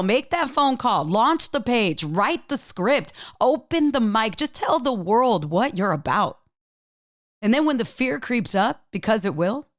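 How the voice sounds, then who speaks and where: A woman's voice: on the high side, dry recording, studio quality. A woman hosting her own podcast, talking earnestly and emphatically straight to the listener in a motivational solo talk, getting choked up with emotion. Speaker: podcast host.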